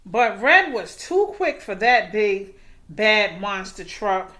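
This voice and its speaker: A woman teacher reading a storybook aloud, with expressive, animated storytelling. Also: mid-range voice, slow.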